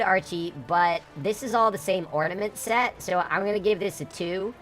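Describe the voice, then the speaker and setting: A woman's voice: mid-range voice, normal speed, a bit bright, soft background music. A woman from upstate New York streaming while gaming, chatting casually and bluntly, swearing freely, through a voice changer.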